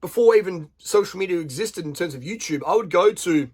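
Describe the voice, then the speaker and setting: A man's voice: sits high, lively intonation, a little fast, a little mellow, slightly rough. An Australian man ranting bluntly to camera, swearing freely and firing rhetorical questions at his viewers. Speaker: vlogger. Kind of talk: unscripted rant to camera.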